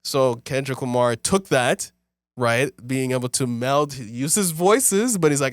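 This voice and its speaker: A man's voice: mid-range voice, measured pace, no echo, studio quality. A man co-hosting a podcast, talking loosely, swearing and laughing as he chats. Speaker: podcast co-host. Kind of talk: casual chat.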